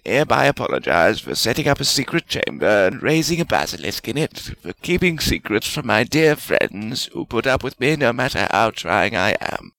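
A man voicing a peevish, defensive old male wizard spirit who whines and protests in a high, sulky voice. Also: sharp tone, poor audio. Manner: whiny and aggrieved, voice climbing high. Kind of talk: audiobook fan fiction reading.

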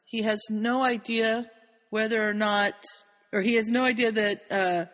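A woman co-hosting a podcast, casually retelling a story in an animated way and laughing often. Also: fairly high pitch, measured pace, big-room sound. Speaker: podcast co-host.

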